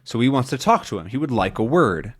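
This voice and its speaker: Brief: male English teacher, animated, explaining a comic step by step. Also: medium pitch, fairly quick. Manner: animated, repeats and rephrases.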